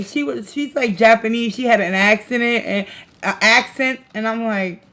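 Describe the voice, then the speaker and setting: Her voice is a little high and a bit bright, moving at normal speed, as this livestream host and tarot reader casually chats with her viewers. She's slangy, laughs a lot and reads the chat's comments out loud.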